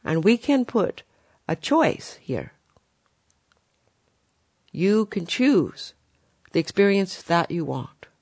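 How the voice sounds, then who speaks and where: A spiritual teacher speaks in a gentle, guiding way to the listeners, whom the teacher calls dear ones. The voice sits at an ordinary middle pitch. The recording is dry, with no room sound. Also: very animated, slow pace, long pauses, no echo.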